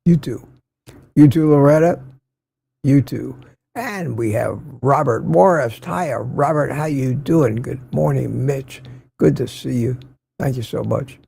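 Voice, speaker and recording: A man's voice: mid-range voice, unhurried, creaky, dark tone, breathy edge. An older man hosting a casual morning livestream, chatting and greeting viewers by name as he reads their comments. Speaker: livestream host.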